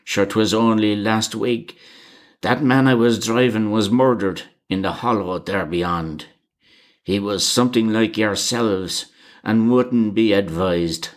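A man voicing a grim old male Irish car driver who speaks with a thick brogue and warns gravely. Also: on the low side, slow, voice pushed up. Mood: earnest warning.

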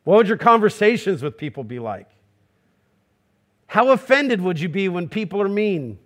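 A man's voice: sits high, very animated, normal speed. A male pastor preaching a sermon, emphatic and full of rhetorical questions, acting out quoted voices as he goes.

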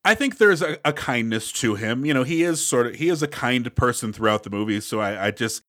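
A man's voice: mid-range voice, expressive, fairly quick, fairly bright tone. A man co-hosting a podcast, chatting about a film in a jokey, incredulous way with stumbling restarts. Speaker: podcast co-host. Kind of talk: casual chat about a film.

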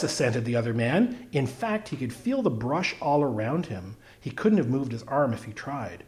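A man narrates a humorous story aloud. His delivery is wry and expressive, and his pitch moves animatedly through each sentence. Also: normal speed, hardly any pauses. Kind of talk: storybook reading.

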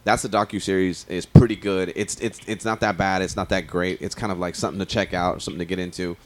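Casual male podcast host: low, quick, rambling, swears often. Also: little pitch movement, slight background noise. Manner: rambling, profane, many restarts and fillers. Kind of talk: casual chat.

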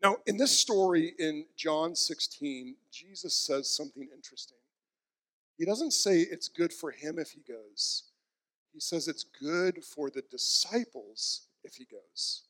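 A man's voice: on the high side, unhurried, a bit bright, big-room sound. A man in his thirties, a pastor preaching a sermon, telling a heartfelt personal story and acting out quotes. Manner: storytelling, emotional, acts out quotes.

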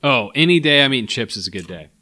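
A man co-hosting a casual food-tasting podcast, playful and quick to laugh. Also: medium pitch, lively intonation, pushed and bright, no echo. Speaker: podcast co-host. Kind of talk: casual chat.

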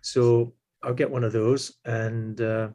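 A man in his sixties, a tuba player and teacher, telling stories in a relaxed, animated way and acting out the voices he quotes. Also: medium pitch, takes it slowly, muffled recording. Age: 60s. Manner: animated, acts out quoted voices, chuckles often. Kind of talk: relaxed anecdotal storytelling.

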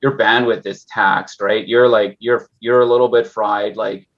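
A man with a fairly low voice chats at length in a casual podcast conversation. He rambles, doubles back and fills every gap with "like". The sound is dull and lo-fi. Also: fairly even intonation, a little slow. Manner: rambling, full of "like" and restarts. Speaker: guest investor.

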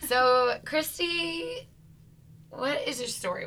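A woman's voice: on the high side, normal speed, bright, forceful tone, distant mic, slight background noise. A woman co-hosting a podcast for school leaders, teasing her partner and laughing often. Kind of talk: casual podcast banter.

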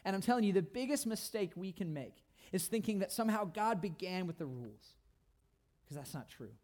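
A man preaching a sermon as a pastor, emphatic, repeating phrases for stress and swinging between loud declarations and hushed asides. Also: high voice, lively intonation, brisk.

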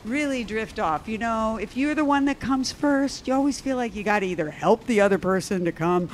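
A woman's voice: on the high side, a little fast, slight background noise. A middle-aged woman hosting a casual talk show as a therapist, speaking frankly and laughing often. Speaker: podcast host and therapist. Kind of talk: casual chat.

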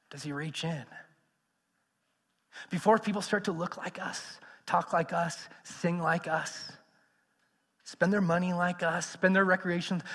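A man preaching a sermon, animated and swinging between loud emphasis and hushed, near-whispered passages. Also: fairly high pitch, breathy edge. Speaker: pastor. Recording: long reverb of a large hall.

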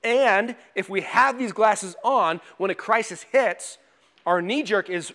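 A man with a notably high voice preaches a sermon in a relaxed, conversational way. He pokes fun at himself and acts out quick inner voices, some panicked and some calm. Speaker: pastor.

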